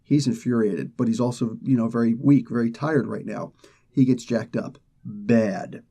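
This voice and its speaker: Guy rambling thru a comic story, mellow darkish voice, acts out bits of dialogue. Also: medium pitch, normal speed. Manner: loose, rambling retelling with acted quotes. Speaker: comic book reviewer. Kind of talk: casual comic recap.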